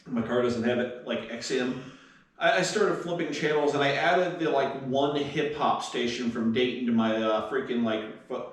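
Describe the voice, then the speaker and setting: A man's voice: mid-range voice, moderate pace, distant mic. Wry man, off-mic in echo. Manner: laid-back, profane, wry. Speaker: podcast co-host. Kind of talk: casual chat. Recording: echoey room, off-mic.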